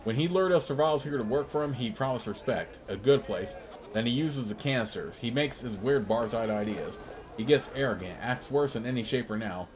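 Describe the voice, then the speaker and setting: A man's voice: medium pitch, a little fast, noisy background, lightly acted. A man voicing a drunk, angry male blacksmith who grumbles bitterly in broken sentences while reading a game's dialogue.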